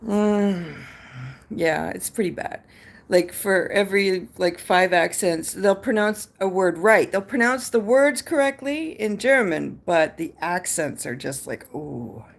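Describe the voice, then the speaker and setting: Hosting a live stream, this Canadian woman talks with her audience in a meandering, filler-packed way, reading out comments from chat and responding to them. Her pitch is medium, her intonation lively, and her unhurried delivery carries some vocal fry.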